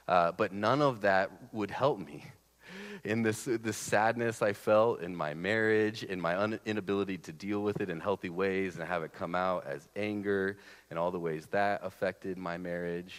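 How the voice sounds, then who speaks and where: Deep-voiced man preaching in a reverberant hall. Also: a bit bright. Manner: conversational, halting, with many restarts. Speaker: pastor. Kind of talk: sermon.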